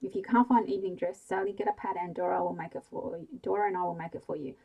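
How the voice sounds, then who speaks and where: A woman's voice: fairly low pitch, steady tone, very fast, vocal fry, mellow, breathy edge, lo-fi sound. A woman voicing a coaxing, motherly middle-aged mother in a whispered bedtime story. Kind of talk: whispered role-play.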